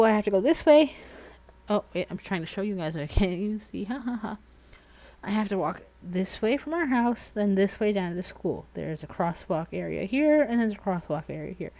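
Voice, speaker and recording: A woman in her thirties chatting casually on a livestream while doing nails, rambling through animated everyday stories. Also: mid-range voice, dry recording, low-quality recording. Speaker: streamer.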